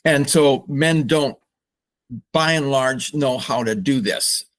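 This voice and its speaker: An older man, a psychologist guest on a podcast, speaking slowly and reflectively with open emotion. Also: mid-range voice, a bit bright. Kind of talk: podcast interview.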